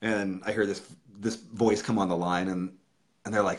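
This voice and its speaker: Deep-voiced man telling a story, swearing. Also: fairly even intonation, normal speed. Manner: profane, emotional, laughs while telling. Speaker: musician hosting a livestream. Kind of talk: casual storytelling. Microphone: webcam or phone.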